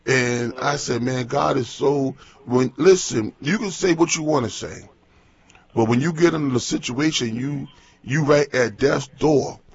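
Pastor guy on morning radio, gravelly and kinda husky, folksy rambling chat, muffled sound. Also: medium pitch, a little slow. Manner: folksy, repeats words, tells stories animatedly. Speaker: pastor and radio show host.

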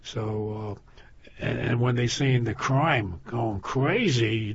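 Husky older man, rambling storyteller. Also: medium pitch, slow pace, no echo. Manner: rambling storyteller, repeats himself, laughs at his own stories. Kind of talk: casual chat. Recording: dull lo-fi sound.

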